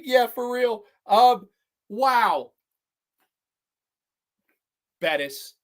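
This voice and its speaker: A man hosting a live stream, talking to his chat in an excitable, profane way as he agonizes aloud over picks. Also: extremely high pitch, takes it slowly, creaky, long pauses. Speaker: podcast host.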